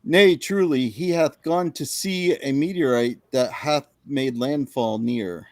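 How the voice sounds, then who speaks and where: A man's voice: mid-range voice, slow pace, no room sound. A man reading a roguish male space smuggler in Shakespearean-style verse. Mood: resolute.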